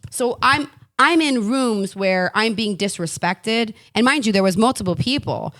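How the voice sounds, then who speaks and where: A woman talking as a podcast guest in casual chat, blunt and animated, swearing freely and laughing often. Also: fairly high pitch, unhurried, no room sound, clean studio sound. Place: Los Angeles.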